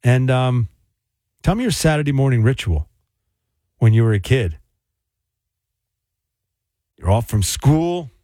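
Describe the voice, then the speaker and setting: A man's voice: mid-range voice, animated, slow pace, long pauses, warm tone, dry recording, clean studio sound. A man hosting a call-in radio show, chatting loosely with many fillers and restarts. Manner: rambling, hesitant with fillers. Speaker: radio host.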